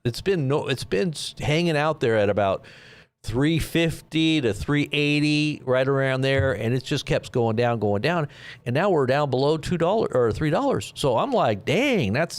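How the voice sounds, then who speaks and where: A man hosting a live stream, giving rambling, sarcastic commentary on the news. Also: mid-range voice. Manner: sarcastic, rambling, with frequent restarts.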